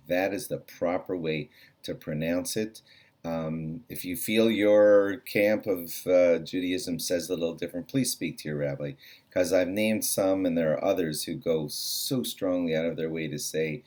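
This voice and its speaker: A man hosting a short daily lesson on Jewish law, speaking earnestly and casually with fillers, and slowing down to repeat key points deliberately. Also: sits low, darkish tone. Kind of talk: short spoken halacha lesson.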